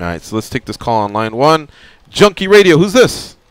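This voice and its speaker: A man's voice: on the high side, big pitch swings, brisk, faint music behind. A man hosting a casual sports radio show on a studio mic, loose and joking. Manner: loose and joking, swears at his own flubs. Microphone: studio radio microphone.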